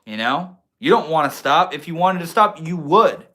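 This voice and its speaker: Young male streamer with a bright, forceful voice. Laid-back, slangy and swears freely while chatting with his viewers. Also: on the high side, lively intonation, moderate pace. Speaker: livestream host. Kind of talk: casual livestream chat reading comments.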